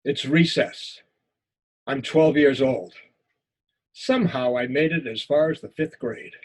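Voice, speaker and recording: A man teaching a writing lecture who reads his own memoir story aloud, expressive and repeating words in tense moments. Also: mid-range voice, measured pace, breathy edge.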